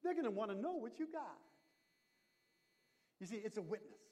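Animated high-voiced preacher in a hall. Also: male voice, normal speed. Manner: emphatic preaching, swinging between loud and hushed. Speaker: pastor. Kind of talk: sermon.

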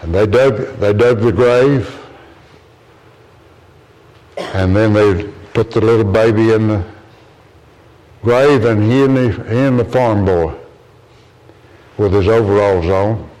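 A man's voice: slow, long pauses, darkish tone, poor audio. A man preaching a sermon to a congregation in an earnest, storytelling way. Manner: earnest, storytelling, rises in pitch when quoting others.

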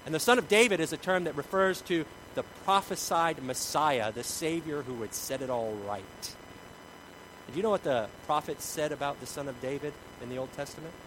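A man preaching a sermon, shifting from shouts to hushed tones. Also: on the high side, moderate pace, a little hiss or hum, rough recording.

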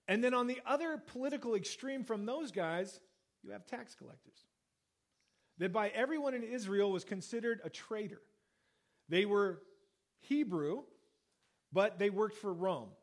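A man preaching a sermon, reading scripture and then explaining it in a casual, conversational way, acting out quoted lines. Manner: conversational, acts out quoted lines with lively pitch jumps. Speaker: pastor. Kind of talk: sermon, Bible reading and teaching.

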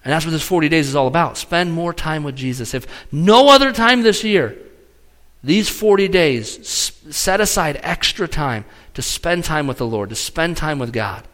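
Pastor, male, middle-aged; fairly high voice, lively emphatic sermon delivery. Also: normal speed. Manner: animated preaching with sweeping pitch and loudness swings.

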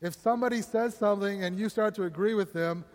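A man's voice: high voice, quick pace, a little mellow, in a large hall. A man preaching a sermon in a conversational way. He keeps checking in with the congregation and laughs between points. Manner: conversational, asks the congregation "right?" often. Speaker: pastor.

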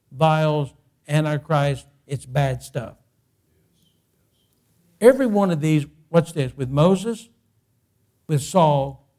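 A man pastor preaching a sermon, often repeating and restarting phrases and climbing to loud, impassioned peaks. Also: a little high.

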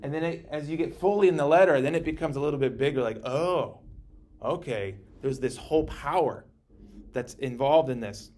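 Animated man teaching a Bible class. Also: on the high side, normal speed. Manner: conversational, animated, quotes scripture in acted voices. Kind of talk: casual Bible class lecture.

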